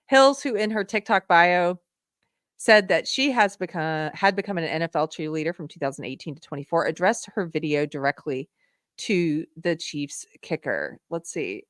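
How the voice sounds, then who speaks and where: A woman's voice: low-pitched, animated, normal speed, fairly bright tone, no echo, clean studio sound. A woman hosting a live stream, chatting casually and laughing as she reacts to news clips. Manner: chatty, laughs often, talks to viewers. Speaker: livestream host. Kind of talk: casual livestream commentary.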